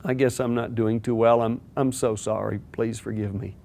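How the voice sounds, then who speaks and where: A man plays a humble blind man who has just lost his guide dog. He speaks softly and low, sorry and subdued. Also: steady tone, normal speed, gravelly, lightly acted. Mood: apologetic. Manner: soft, apologetic.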